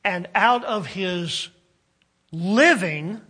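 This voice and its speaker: A man delivers a sermon at an unhurried, measured pace. His voice sits fairly high, climbing on the points he stresses and sinking quiet at the end of phrases. He often stalls with uh's and restarts as he works through the thought. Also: animated, slightly rough. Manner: slow, deliberate preaching with rising emphasis and trailing drops; halting restarts with frequent uh's. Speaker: preacher.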